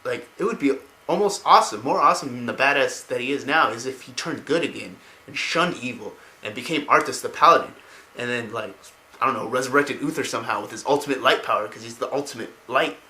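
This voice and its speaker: An excited man rambles through a story retelling, swearing now and then. His voice is bright and forward, with a medium pitch. The recording sounds roomy and echoing. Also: fast. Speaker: lore explainer.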